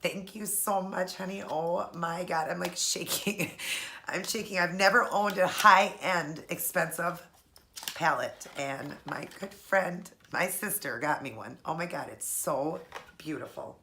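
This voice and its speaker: A woman in her forties, a vlogger chatting casually while unboxing a gift, gushing and sentimental with breathy laughs. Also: fairly low pitch, a little slow, pushed and bright, a little hiss or hum. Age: 40s.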